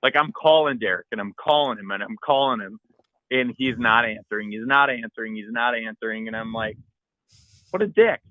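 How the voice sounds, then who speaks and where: A man and podcast co-host telling a hunting story in a casual, animated way, acting out his own shouts and the texts he got. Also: on the low side, a little fast, no room sound, narrow, tinny audio.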